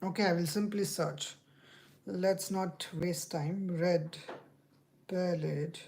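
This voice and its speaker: A woman hosting a casual chat, speaking slowly and repeating words. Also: fairly low pitch, fairly even intonation, darkish tone. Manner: slow, drawn-out speech with repeated words. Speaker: video host.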